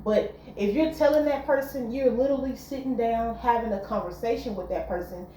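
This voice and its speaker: A woman's voice: a little high, fairly quick, warm tone, roomy sound, a little hiss or hum, rough recording. A woman giving relationship advice in a casual, earnest monologue, repeating her points. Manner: earnest, repetitive, conversational.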